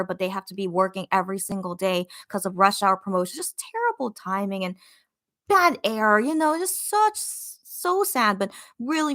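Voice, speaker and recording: A woman hosting a casual livestream podcast, reading chat comments aloud and gushing with excitement through lots of fillers. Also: mid-range voice. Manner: excited, gushing fan talk with many fillers.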